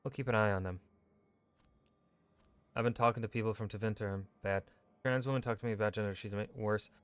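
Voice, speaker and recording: A man streaming a video game, reading in-game lore texts aloud in a measured, steady way with brief asides. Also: fairly low pitch, clean tone, no room sound. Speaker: gaming streamer.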